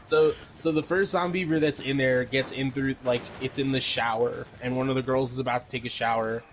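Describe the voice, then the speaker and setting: A man's voice: medium pitch, steady tone, brisk, a little hiss or hum. A man co-hosting a podcast, casually recapping a movie in a rambling way, with lots of fillers, swearing and laughter. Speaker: podcast co-host.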